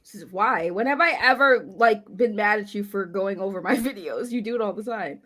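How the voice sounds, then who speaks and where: A woman's voice: mid-range voice, fairly quick, a bit bright. A woman guest on a casual livestream chat, insisting emphatically on her side. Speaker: streamer guest.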